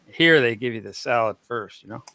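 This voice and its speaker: An easygoing man chatting on a live stream. His tone is bright and sharp, and the sound is dry and close. He keeps agreeing and chiming in with "yeah, yeah.". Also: mid-range voice, animated, fairly quick, vocal fry, no echo. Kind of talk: casual chat.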